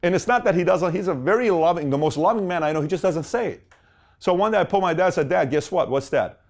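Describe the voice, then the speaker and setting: Fast-talking, animated motivational host. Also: male voice. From Middle Eastern family. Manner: fast, animated, rhetorical questions, big swings in pitch. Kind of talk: motivational talk to camera.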